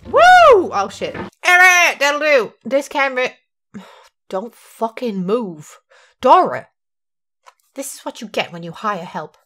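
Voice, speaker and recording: A young woman giving loud, profane, self-mocking commentary while playing a game. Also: on the high side, lively intonation, slow pace. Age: young adult. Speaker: gaming video host. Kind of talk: profane let's-play commentary.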